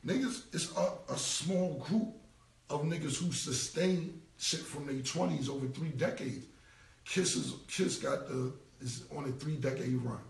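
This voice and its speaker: A man's voice: on the high side, measured pace, gravelly. A forty-year-old man, talking bluntly and repetitively in heavy slang as an interview guest. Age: 40s. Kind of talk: casual interview talk. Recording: roomy, distant from the mic.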